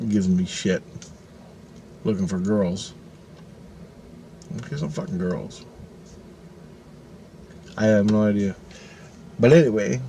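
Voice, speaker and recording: A man's voice: deep voice, slight background noise. A middle-aged man telling a personal story casually, swearing often and acting out the voices he quotes. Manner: profane, animated, acts out quoted voices.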